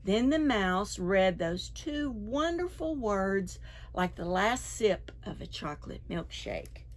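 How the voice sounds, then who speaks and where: A woman librarian reading a picture book aloud to preschoolers in a library, expressive and full of sound effects and asides. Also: medium pitch, slow pace. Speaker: children's librarian. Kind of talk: preschool storytime read-aloud.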